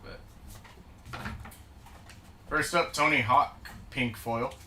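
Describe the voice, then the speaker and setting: A man's voice: mid-range voice, fairly even intonation, very slow, bright, forceful tone. Man, live card break host, losing his voice, clipped name-by-name calls, roomy room, distant mic, noisy background. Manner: rattles off player names and card types in short bursts.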